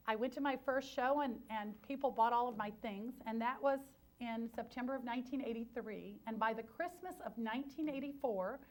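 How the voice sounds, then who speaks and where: A middle-aged woman giving a talk to an audience, telling her story in a lively, chatty way and acting out quoted asides. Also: a little high. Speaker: guest speaker, restaurant founder.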